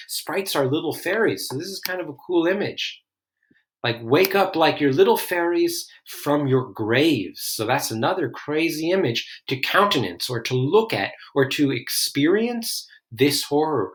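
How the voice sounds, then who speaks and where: A man explaining a classic play line by line in a relaxed, casual way. His voice sits in a middle pitch, and he tosses in "like" often as he paraphrases. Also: measured pace. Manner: reads quoted lines with raised dramatic emphasis, then explains casually. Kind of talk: line-by-line literature lesson.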